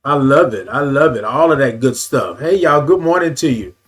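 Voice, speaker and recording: A man hosting a casual morning live stream, greeting viewers by name with drawn-out, sung greetings and saying y'all a lot. He repeats his phrases and adjusts his camera as he talks. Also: mid-range voice, lively intonation.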